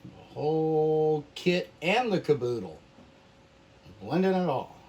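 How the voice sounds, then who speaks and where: A man's voice: on the high side, expressive, darkish tone, dull audio. A man leading a paint-along oil painting lesson, talking in an easygoing way as he works, often half to himself. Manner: slow, easygoing, talks to himself while working. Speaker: painting instructor. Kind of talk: relaxed paint-along tutorial.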